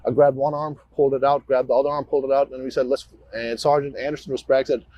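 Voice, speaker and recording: A man, a police officer, giving a halting recorded account full of restarts. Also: medium pitch, level tone, mellow, highs cut off. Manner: halting, with frequent restarts and fillers.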